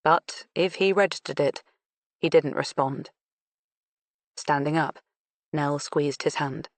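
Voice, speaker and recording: A woman narrating an audiobook in a measured, unhurried reading. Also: low voice, no room sound. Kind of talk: scripted narration.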